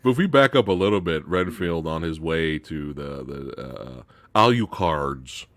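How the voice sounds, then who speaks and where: A man's voice: extremely low pitch, measured pace, no room sound. Guy hosting a laid-back movie chat, voice jumping all over, dry close sound, cusses a lot. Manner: animated, swearing storyteller. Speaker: host. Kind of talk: casual film discussion.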